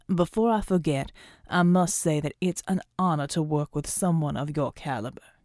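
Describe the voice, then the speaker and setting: A woman doing a warm, courtly male superhero. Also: deep voice, normal speed, no room sound, studio quality, pitched below the performer's own voice, natural voice. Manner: formal, polite, calls her "Miss".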